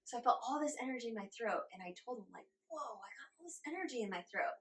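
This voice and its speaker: Animated woman telling a story, laughing. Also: fairly high pitch, fast talker. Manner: animated, laughs often, acts out her own past reactions. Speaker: guest channeler. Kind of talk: casual interview storytelling.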